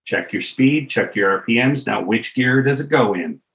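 A man's voice: medium pitch, expressive, moderate pace, a bit bright, poor audio. A man who trains truck drivers, speaking plainly in a podcast chat and explaining with practical examples. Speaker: truck driving instructor. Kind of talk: casual podcast conversation.

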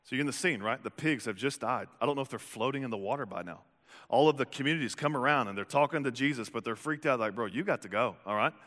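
A man's voice: medium pitch, fast, fairly bright tone. A man preaching a sermon as a pastor in a church, telling stories animatedly and asking rhetorical questions. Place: church sanctuary. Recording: reverberant church hall.

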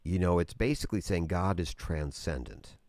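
A man's voice: low voice, animated, moderate pace, darkish tone, no room sound, clean studio sound. A man teaching earnestly in conversation, explaining at length with frequent restarts. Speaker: guest teacher on prayer.

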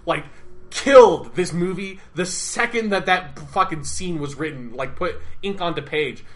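A man's voice: fairly high pitch, measured pace. A young man co-hosting a podcast, rambling and swearing as he gets heated in casual chat. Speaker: podcast co-host.

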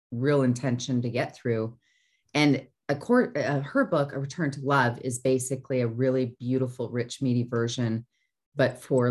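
A woman hosting a motivational talk, speaking earnestly and often checking in with "right?". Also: extremely low pitch. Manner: earnest, repeats phrases with "right?". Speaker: host. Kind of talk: motivational teaching chat.

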